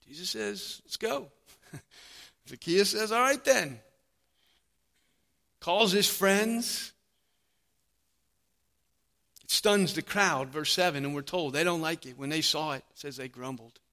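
A man preaching a sermon, animated, acting out the voices of the crowd. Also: a little high, moderate pace. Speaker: pastor.

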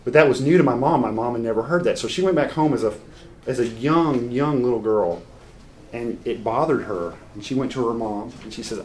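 Male preacher, mid-pitched, earnest and unpolished, some restarts, faint noise under it. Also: a little fast, darkish tone. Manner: earnest, unscripted, frequent restarts. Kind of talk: sermon with personal story.

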